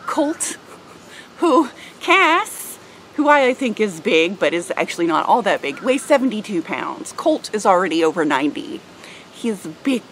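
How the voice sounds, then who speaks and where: Young woman rambling through a casual vlog, pitch bouncing all over, faint room hum behind her. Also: fairly bright tone, rough recording. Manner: chatty, rambling, with frequent fillers. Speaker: vlogger.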